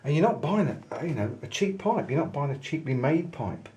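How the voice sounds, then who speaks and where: A man's voice: on the high side, sing-song, normal speed, a little mellow. A man vlogging, chatting enthusiastically to camera in a pipe maker's showroom. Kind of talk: casual showroom chat to camera.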